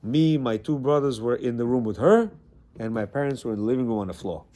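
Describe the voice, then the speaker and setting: Animated man teaching a men's class. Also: medium pitch, brisk. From Central Asia, Bukharan Jewish family. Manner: animated, conversational, repeats words. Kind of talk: lecture with stories. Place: classroom with a small group of men.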